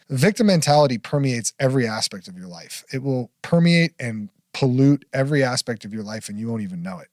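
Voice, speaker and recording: A middle-aged man, a podcast guest, telling a personal story frankly with blunt swearing, his voice dropping very low at the heaviest parts. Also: darkish tone, no room sound, clean studio sound. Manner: frank, profane, drops to near-whisper at heavy moments. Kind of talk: candid storytelling interview.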